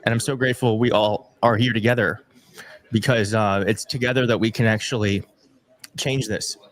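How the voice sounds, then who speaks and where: A man's voice: on the low side, fairly even intonation, normal speed. A young man hosting a live stream, reading out viewer messages and thanking donors in an emotional, grateful, slightly fumbling way. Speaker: livestream host reading viewer donations. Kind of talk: casual live-stream chat.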